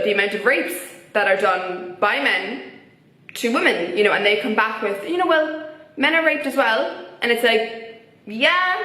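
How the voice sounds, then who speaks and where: A woman's voice: a little high, bright, forceful tone. A young woman with an Irish accent giving her opinions in a casual vlog, chatty and full of filler words. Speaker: vlogger. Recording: echoey room.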